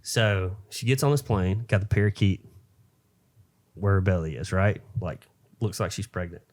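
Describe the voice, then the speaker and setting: A man's voice: low voice, moderate pace, a little mellow. A young adult man co-hosting a podcast, telling a long shaggy-dog joke in a rambling, filler-heavy way. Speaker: podcast co-host.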